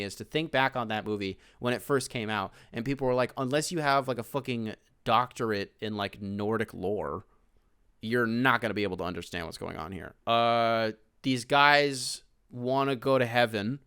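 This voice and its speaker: A man's voice: mid-range voice, clear, resonant tone, dry recording, studio quality. Profane ranting male podcast host. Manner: profane, animated ranting with loud outbursts. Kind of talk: casual solo rant.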